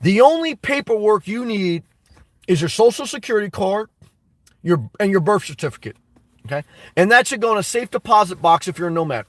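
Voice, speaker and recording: A man's voice: high-pitched, animated, brisk, no room sound, far from the mic. A man hosting a casual live stream, answering viewer comments in an emphatic way that repeats his points and breaks into laughter between remarks. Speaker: YouTube host answering live chat.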